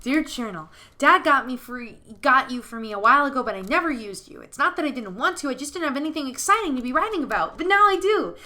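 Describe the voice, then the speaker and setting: A woman's voice: high-pitched, lively intonation, quick pace, few pauses, pushed and bright, voice pushed up. Woman doing a sweet little scarecrow boy. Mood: eager. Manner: eager and innocent.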